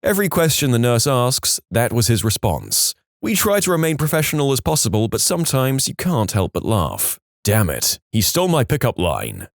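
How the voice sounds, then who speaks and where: A man's voice: mid-range voice, wildly swooping pitch, normal speed, creaky, few pauses, no echo, clean studio sound. A man narrating submitted stories in a scripted storytime style, wry, with joking asides between stories.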